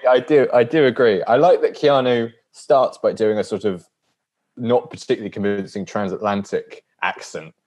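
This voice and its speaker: A man's voice: lowish voice, moderate pace, darkish tone. A man co-hosting a casual podcast about films, joking and acting out lines in character. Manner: joking, acts out quotes in character. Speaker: podcast co-host. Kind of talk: casual film discussion.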